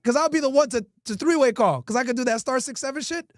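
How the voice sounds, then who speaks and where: A man in his thirties from Connecticut, telling crude stories to his livestream chat in a lively, laughing way. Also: very high voice, fast talker, dry recording, studio quality. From Connecticut, USA. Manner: animated, crude, laughing storyteller. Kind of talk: casual storytelling to chat.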